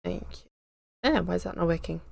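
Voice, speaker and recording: A woman in her thirties hosting a casual live stream, chatty, excitable and a little nervous, drifting onto tangents. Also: on the low side, a little fast, creaky, no echo, clean studio sound. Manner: nervous, giggly.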